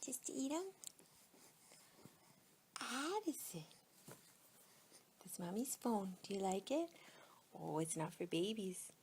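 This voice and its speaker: A woman in her thirties talking to her baby in slow, sing-song baby talk, half-whispered at times, at home during a diaper change. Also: mid-range voice, sing-song, darkish tone, slight background noise.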